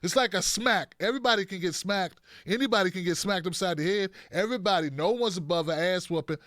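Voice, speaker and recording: A man hosting a political commentary show, talking in a blunt, animated, joking way with frequent restarts. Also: high-pitched, fast, dry recording, clean studio sound.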